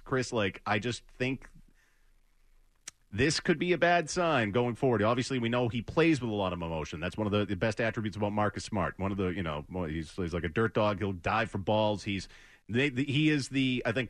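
A man's voice: lowish voice, no echo, studio quality. A man hosting a sports talk radio show, speaking earnestly and rambling with many hesitations.

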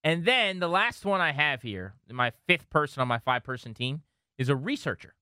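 A man in his thirties co-hosting a casual sports talk show, telling animated stories. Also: on the high side, normal speed, clear, resonant tone, no room sound, clean studio sound. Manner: animated storyteller, slips into funny voices. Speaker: podcast co-host.

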